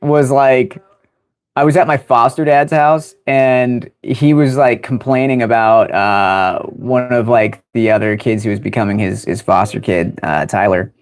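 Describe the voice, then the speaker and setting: A young American man chatting on his livestream, telling stories in a loose, rambling way. He laughs often and stumbles through fillers and restarts. His voice sits at an ordinary middle pitch. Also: steady tone, a little slow. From United States. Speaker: livestream host. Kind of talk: casual storytelling on a livestream.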